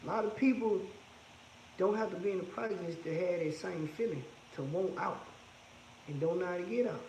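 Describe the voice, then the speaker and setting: High-voiced man chatting on a livestream. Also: normal speed, gravelly, a little mellow, echoey room, a little hiss or hum, rough recording. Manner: laid-back, candid, reads out viewer comments. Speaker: livestream host. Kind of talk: casual livestream chat with viewers. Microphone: phone.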